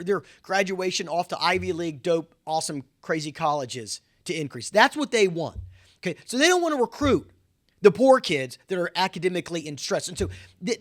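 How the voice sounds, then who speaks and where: Man, fired-up education commentator, high and lively voice, emphatic and repetitive. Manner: fired-up, emphatic, repeats words and says "man" and "wake up". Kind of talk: impassioned monologue to camera.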